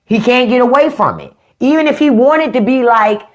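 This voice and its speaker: A woman's voice: on the high side, normal speed, hardly any pauses. A middle-aged woman with a DC-area accent, hosting a casual live stream and talking bluntly with plenty of swearing. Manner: blunt, profane, animated. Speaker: podcast host. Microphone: phone or desk mic on a live stream.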